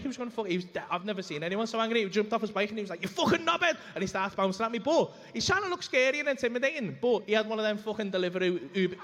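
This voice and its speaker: A young man rattles through a stand-up story at high speed, his voice pitched fairly high for a man. He talks brashly, swears constantly and piles on asides as he goes. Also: a bit bright, in a large hall. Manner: brash, sweary, rambling anecdote full of asides. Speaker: stand-up comedian. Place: comedy club stage.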